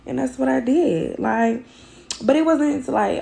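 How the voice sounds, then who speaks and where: A hoarse mother, her voice worn out, recounting a fight in a blunt, emphatic, profane way. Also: fairly high pitch, moderate pace, dark tone. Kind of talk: casual storytelling.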